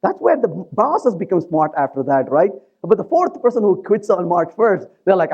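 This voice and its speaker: A man giving a live technical conference talk, animated and joking, who keeps turning to the audience with quick questions. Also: high-pitched, muffled recording. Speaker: conference presenter.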